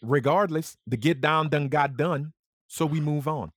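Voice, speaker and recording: A man's voice: a little high, unhurried, slight background noise. A young man co-hosting a podcast in casual chat, teasing and joking with crude banter. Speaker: podcast co-host.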